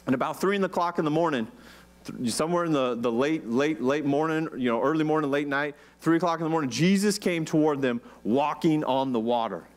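Conversational American pastor preaching. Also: male voice, on the high side, a little fast. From United States. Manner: conversational, asks the congregation questions. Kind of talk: sermon. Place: church.

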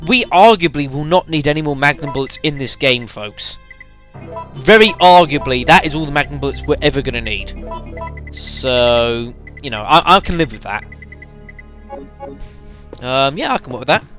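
Let's play narrator, male, bright voice, rambling and friendly with viewers, faint game music under him. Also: medium pitch, lively intonation. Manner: chatty, addresses viewers as folks, halting fillers. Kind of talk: casual gameplay commentary.

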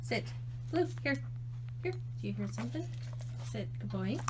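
An animal shelter worker films on her phone outdoors, casually talking to a dog and coaxing it with repeated commands and calls. Her voice is on the high side and animated, at a moderate pace. There's loud background noise outside.

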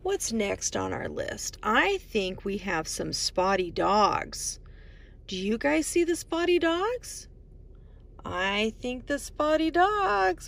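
A high, lively woman's voice leads a children's picture-book storytime, her pitch swooping up on every question to the little ones. She talks slowly and with a gravelly edge, and now and then drops to a hush. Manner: sing-song questions to kids, drops to whispers.

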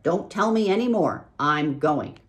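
A woman's voice: low-pitched, a little slow. A woman voicing a greedy, grumbling male rat. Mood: eager.

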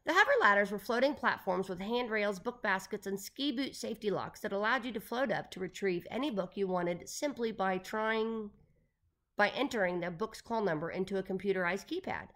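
A woman narrating a children's chapter book in a lively, expressive way. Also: mid-range voice, normal speed. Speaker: audiobook reader.

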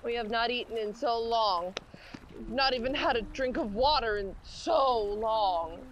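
A woman's voice: fairly high pitch, highs cut off, a little hiss or hum, natural voice. A woman acting a weak, parched shipwrecked woman, speaking wearily and mournfully in an outdoor stage performance. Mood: weary. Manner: weary, slow, mournful. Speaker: actor playing the businesswoman. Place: outdoor marina platform.

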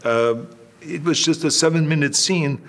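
Older man telling lively stories. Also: on the high side, moderate pace. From Austria. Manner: animated anecdotes, acts out quoted voices. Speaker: interview guest. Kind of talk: storytelling in a relaxed interview.

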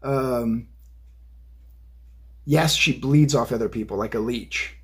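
Tarot reader, male, husky, mid-pitched; blunt, profane, fired-up rambling. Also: slow pace. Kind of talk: casual profane psychic rant. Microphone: phone video.

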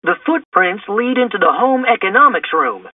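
A take-charge teenage boy leader, as a man reads him aloud, gives orders to the group in a lively voice. The sound is husky, with a dry, thin, phone-like quality, as if it is heard from a distance. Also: sits high, moderate pace, no room sound, pitched above the performer's own voice. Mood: leading. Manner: commanding, rallying.

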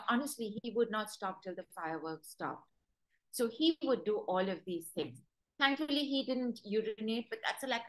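A woman's voice: on the high side, a bit bright, low-quality recording. A woman dog trainer giving a webinar talk, telling stories and acting out what dogs would say. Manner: storytelling, acts out dogs' thoughts in quoted voices.

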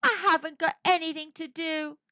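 A woman's voice: extremely high pitch, fairly even intonation, moderate pace, sharp tone, no echo, lo-fi sound, pitched above the performer's own voice. A woman voicing a young boy dragon who shows off, then turns glum, in a storybook read-aloud. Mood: forlorn. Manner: show-off, then glum and lonely. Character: young boastful male dragon.

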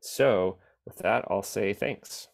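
A man with a fairly low voice explains his lab work in a relaxed, plain way for families. He pauses often with ums, and his voice comes through a video call. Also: vocal fry. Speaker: beamline scientist giving a virtual tour. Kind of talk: casual explanatory talk.

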